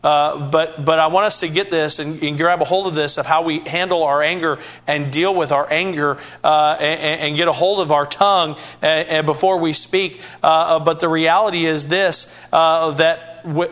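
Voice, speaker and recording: A man's voice: a little high, steady tone, normal speed, hardly any pauses, fairly bright tone. A man preaching a sermon in an earnest way, often repeating and restarting words and rising to emphatic bursts.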